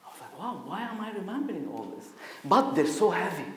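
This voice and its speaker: A man shares a personal story from a conference stage, his voice rising and falling in wide, lively swings. He bursts out loud when he acts out other people's words. The sound carries a long, roomy hall echo. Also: high-pitched, fairly quick, slight background noise. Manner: animated, acts out voices with sudden loud outbursts. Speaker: conference speaker. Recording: echoey hall.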